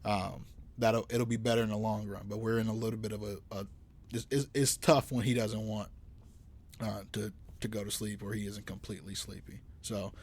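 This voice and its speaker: A man's voice: on the low side, steady tone, normal speed, darkish tone, breathy edge. Young guy rambling on a podcast, lots of restarts, kidding around. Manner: rambling, many restarts, teasing. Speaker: podcast co-host. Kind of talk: casual chat.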